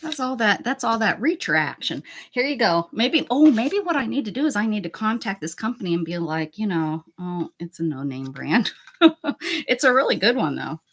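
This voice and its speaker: A woman hosting a casual art livestream from home, chatty and self-mocking, laughing often and muttering softly to herself as she works. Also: a little high, lively intonation, moderate pace, slight background noise. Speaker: art channel host.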